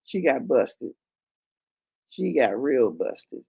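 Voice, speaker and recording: Gravelly-voiced woman in her fifties, chatting. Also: very deep voice, big pitch swings, drawn-out words, warm tone. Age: 50s. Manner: frank, profane storytelling, laughing and acting out quotes. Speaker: channel host. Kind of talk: casual storytelling chat.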